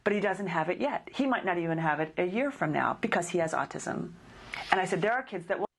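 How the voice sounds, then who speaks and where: A middle-aged woman telling a personal story in casual conversation, acting out the dialogue with animated shifts in her voice. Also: fast, gravelly, breathy edge. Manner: animated, acts out dialogue with rising pitch.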